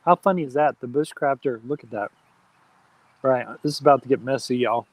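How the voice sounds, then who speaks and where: Speaking a little fast at medium pitch, with no echo, this man runs a campfire live stream outdoors. His manner is chatty and friendly as he reads the chat out loud and calls out viewers by name.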